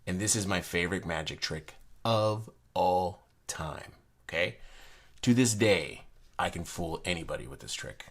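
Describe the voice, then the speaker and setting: A man with a notably deep, low voice, talking casually to camera about playing cards. He rambles and trips over his words, restarting sentences often. His enthusiasm comes in quick bursts. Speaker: playing card reviewer. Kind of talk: casual video review.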